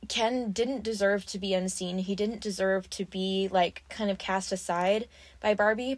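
A woman's voice: medium pitch, no echo. Chatty young woman podcast host. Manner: animated, fillers like "like", acts out quotes. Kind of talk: casual chat.

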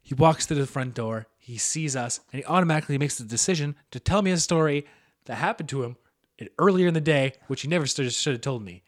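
This young man talks fast in a slightly high voice. As a podcast co-host, he narrates a story casually and with lots of energy, imitating the voices of the people he quotes.

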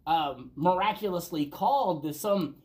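A man's voice: mid-range voice, expressive, moderate pace. A man preaching a sermon as a pastor, talking conversationally and telling stories, building to emphatic peaks.

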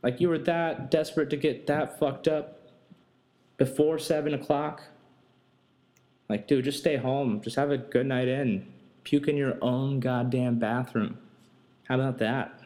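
A young man hosting a podcast, telling a casual, profane and animated story about his life and work. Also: mid-range voice, unhurried, long pauses. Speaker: podcast host.

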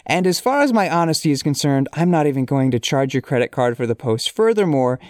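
A man's voice: fairly high pitch, sing-song, brisk, dry recording, clean studio sound. A man voicing a prickly male Irish restaurant owner in a comic reading, putting on an Irish accent and sounding sarcastic and mock-polite.

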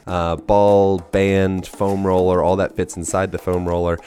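A man's voice: low voice, level tone, unhurried, warm tone. A man hosting a podcast, talking in a loose, joking, playful way. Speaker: podcast host. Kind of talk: casual podcast monologue.

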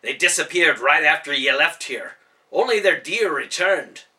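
Man doing a loud ancient warrior, proud, quick-tempered, formal old speech, forceful tone, lively pitch. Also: far from the mic, full character voice. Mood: angry.

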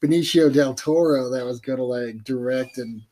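A man's voice: medium pitch, moderate pace, dark tone, slight background noise. A man co-hosting a podcast in loose, profane casual chat, laughing often. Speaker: podcast co-host.

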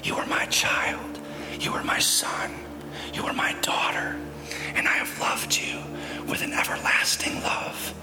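A man voicing God as a tender, near presence in a whispered role-play, his words breathed in a soft unvoiced whisper. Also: measured pace, natural voice. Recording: reverberant hall with soft music.

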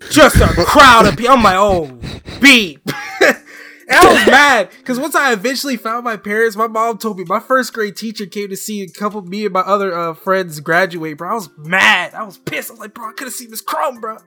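A young man with a high, bright voice, talking in an animated, excitable way. He is chatting casually with friends, with faint music in the background. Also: fairly quick. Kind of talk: casual chat.

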